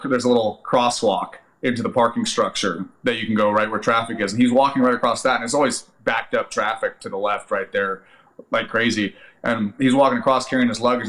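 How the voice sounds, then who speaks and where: A man, an actor and army veteran, telling a lively story as a podcast guest, casual and profane, with many fillers. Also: on the low side, rough recording.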